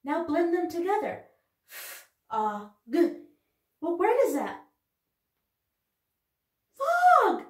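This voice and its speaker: A woman teaching young children in a video lesson, talking slowly and encouragingly in a sing-song way. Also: very high-pitched, sing-song, dark tone, far from the mic. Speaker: preschool teacher. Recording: echoey room, off-mic.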